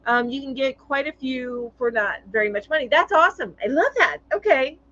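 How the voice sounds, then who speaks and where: A woman's voice: high-pitched, a little fast, fairly bright tone, no echo, lo-fi sound. A woman hosting a casual live-stream chat, reading viewer comments aloud in a chatty way with lots of fillers.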